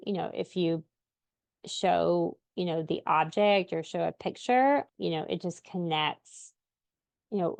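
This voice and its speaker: A woman in her thirties with a lowish, slightly mellow voice and no echo talks casually to the camera. A parent of deaf children, she gives parenting tips in a chatty, instructional way, full of filler words and frequent laughter.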